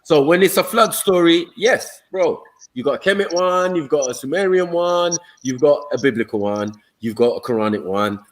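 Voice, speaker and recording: A man's voice: fairly high pitch, lively intonation, normal speed, low-quality recording. Laid-back man, casual chat. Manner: laid-back, asks "do you get it?". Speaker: stream host.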